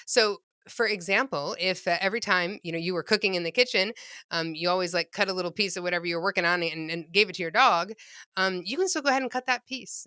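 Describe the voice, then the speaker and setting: A woman pet loss grief counselor, speaking gently and earnestly in a podcast interview. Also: lowish voice, clear, resonant tone, no echo, clean studio sound.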